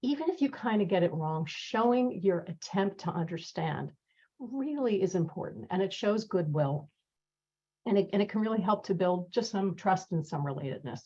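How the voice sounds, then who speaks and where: A woman giving a webinar talk on listening skills over a video call, lively and quick to laugh as she acts out example lines. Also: medium pitch, breathy edge. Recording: muffled video call audio.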